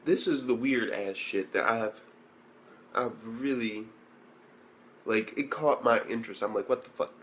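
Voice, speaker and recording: A man's voice: mid-range voice, unhurried, long pauses, fairly bright tone, a little hiss or hum. A man giving a casual, profanity-heavy anime review, ranting and full of exasperated rhetorical questions.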